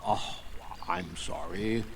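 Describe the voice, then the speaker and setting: An actor playing a polite, worried middle-aged farmer who speaks earnestly. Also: male voice, low-pitched, slow pace, very noisy.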